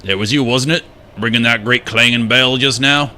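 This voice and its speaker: Brief: grumpy male bug bell-keeper, read by a male streamer, put-on Southern drawl, pitched up and bright. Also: moderate pace, a little hiss or hum. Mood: grumbling. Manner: scolding, rough working-class voice. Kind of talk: reading game dialogue aloud.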